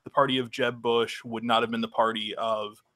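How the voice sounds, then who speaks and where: Halting man asking interview questions. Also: medium pitch, flat delivery, a bit bright, no echo. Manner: halting, with fillers.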